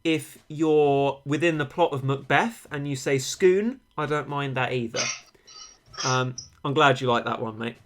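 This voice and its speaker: A young man with a British accent chatting casually while streaming a game, rambling and pausing with frequent ums. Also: mid-range voice, fairly even intonation, fairly bright tone. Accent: British English. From Britain. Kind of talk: casual gaming stream chat.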